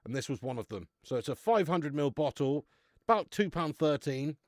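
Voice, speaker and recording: Young male streamer, casual and banter-heavy, animated delivery, dry close sound. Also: on the high side, moderate pace, no room sound. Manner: chatty, banters with viewers, swears casually. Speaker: live-stream beer reviewer. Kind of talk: casual live-stream chat.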